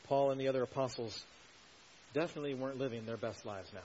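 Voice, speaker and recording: A man's voice: mid-range voice, quick pace, darkish tone. Earnest male preacher, slightly muffled. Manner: earnest, explanatory, builds emphasis on key points. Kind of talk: expository sermon. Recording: slightly dull recording with faint hiss.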